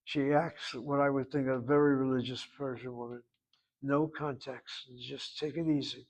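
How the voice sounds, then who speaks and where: A man's voice: mid-range voice, steady tone, normal speed, darkish tone. A man teaching a Hebrew class, explaining word forms at length with digressions and drilling pronunciation. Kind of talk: classroom grammar lesson.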